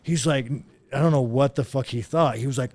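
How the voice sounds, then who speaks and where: A man's voice: mid-range voice, brisk, darkish tone, no echo. A man in his thirties telling stories in casual, rambling, heavily profane talk as a podcast guest. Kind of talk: casual chat.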